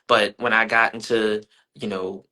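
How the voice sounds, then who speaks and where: A young man, an artist being interviewed, giving earnest, thoughtful answers that turn animated when he tells stories. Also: fairly low pitch, unhurried.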